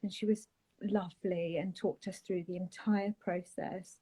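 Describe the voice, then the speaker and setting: A woman, a guest telling a painful personal story in a soft, halting way, often trailing off and starting again. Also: on the low side, fairly even intonation, low-quality recording. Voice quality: husky, breathy. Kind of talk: emotional personal account on a live chat.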